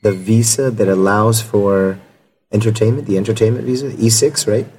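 A man's voice: on the low side, steady tone, moderate pace, dark tone. Casting note: bantering man host, casual chat, light background hiss. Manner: joking, banters, crude humor. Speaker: podcast host. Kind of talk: casual podcast interview.

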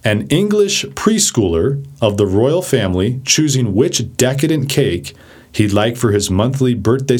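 A man giving a casual vocabulary lesson, chatty and animated, who acts out examples as he explains. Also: medium pitch. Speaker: vocabulary teacher.

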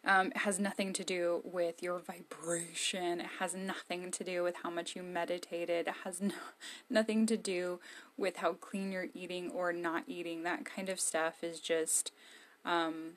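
A woman's voice: on the low side, level tone, a little slow. A woman giving casual, emphatic encouragement to camera from her own room. She is candid and blunt. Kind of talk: casual motivational talk to camera.

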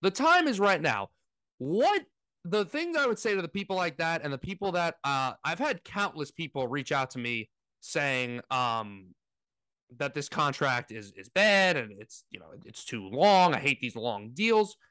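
A man rants in casual sports talk, his somewhat high voice swinging widely up and down as he mocks his opponents. The recording is dry and close, with no room sound. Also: unhurried, clean tone, no echo. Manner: animated ranting, mocking impressions. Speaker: podcast co-host.

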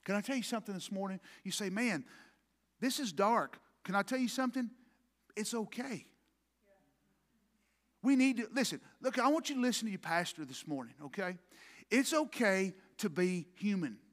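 A man preaching a sermon as pastor, swinging from quiet murmurs to loud impassioned peaks. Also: high voice, animated, brisk. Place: church sanctuary.

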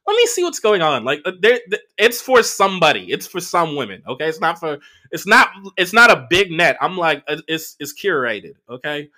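A man's voice: on the high side, big pitch swings, normal speed, pushed and bright. A man in his early thirties with a Los Angeles accent, hosting a casual solo podcast and telling a rambling, profane story full of fillers. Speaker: podcast host.

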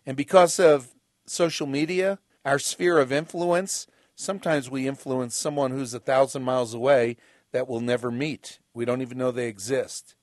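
Emphatic preaching radio host, dry voice. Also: male voice, mid-range voice, steady tone, moderate pace, dry recording. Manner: emphatic, sarcastic, mimics opponents in quotes. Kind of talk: preaching political commentary.

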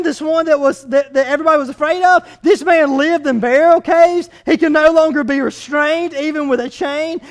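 A man preaching a sermon as pastor, telling stories in a conversational way with frequent fillers. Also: very high-pitched. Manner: conversational storytelling with hesitant fillers.

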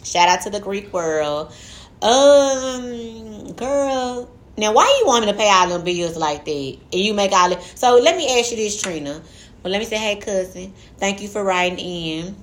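A woman's voice: medium pitch, expressive, moderate pace, slight background noise. A young adult woman co-hosting a podcast, talking in a candid, profane, joking casual way, reading and answering a listener letter. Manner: candid, profane, laughing, loose slangy talk. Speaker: podcast co-host.

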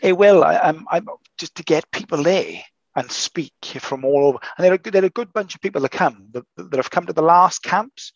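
A man's voice: on the high side, big pitch swings, a little fast, dry recording. A man talking through a slightly dull, lo-fi recording, emphatic and salty with his language. His voice sits dry and close, with no room sound around it. He is a martial arts instructor chatting casually on a podcast. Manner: emphatic, swears freely.

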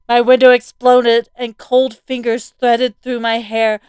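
A woman reading a first-person horror story aloud as a scripted narration, with steady, vivid storytelling. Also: fairly high pitch, unhurried, clear, resonant tone, dry recording.

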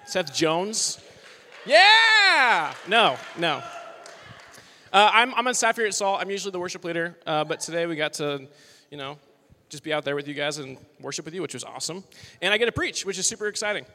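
Speaking fast with a slightly high, bright and forceful voice, a twentysomething worship leader gives an upbeat, joking sermon to college students, peppered with "like" and "you know." He's in a large worship hall before a live audience, and long hall reverb fills the recording.

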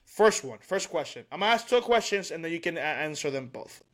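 Podcast co-host, man, fairly high voice, casual and halting, restarts often. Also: animated, a bit bright. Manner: halting, searching for words.

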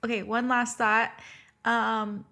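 A woman hosting a podcast, asking questions in a slow, thoughtful way. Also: fairly high pitch, little pitch movement, sharp tone. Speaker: podcast host. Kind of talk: interview questions.

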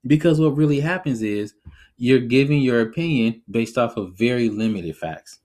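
A man hosting a podcast, giving his opinions in a casual, animated way and often laughing as he talks. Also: mid-range voice. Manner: conversational, reflective. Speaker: podcast host.

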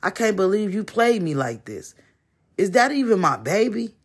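A man voicing a smooth-talking male lover who is quick to anger, speaking raised and emphatic. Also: fairly high pitch, animated. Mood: angry.

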